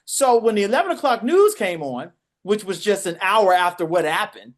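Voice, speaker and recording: Dc man telling a story on a podcast, loud and animated, does all the voices. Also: sits high, normal speed. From Washington, DC. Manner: animated, acts out voices and shouts. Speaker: podcast co-host. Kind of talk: casual storytelling.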